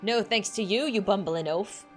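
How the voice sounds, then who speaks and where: A woman voicing a fierce, scolding middle-aged mother with a put-on Scottish accent, sharp and bossy in tone. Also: mid-range voice, normal speed, faint music behind, natural voice.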